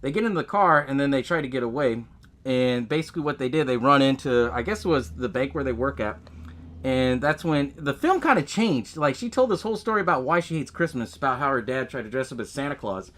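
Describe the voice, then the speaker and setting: A man's voice: mid-range voice, lively intonation, brisk, a bit bright. Guy podcast host going over a movie, cusses constantly, laughs a bunch, voice bounces all over. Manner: laid-back, swears a lot, laughs often, acts out movie lines. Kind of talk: casual movie recap.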